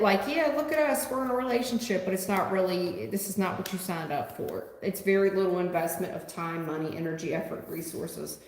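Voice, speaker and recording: A woman giving a live tarot reading, blunt and profane, talking back to her chat in an animated way. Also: lowish voice. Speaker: tarot reader. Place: home room. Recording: echoey room with long reverb, faint noise.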